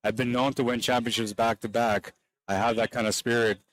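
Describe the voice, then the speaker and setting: A man's voice: mid-range voice, flat delivery, a little fast, a bit bright, low-quality recording. A man with a Canadian accent commentating a pool tournament on a live stream, chatty and enthusiastic in a loose, conversational way. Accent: Canadian English.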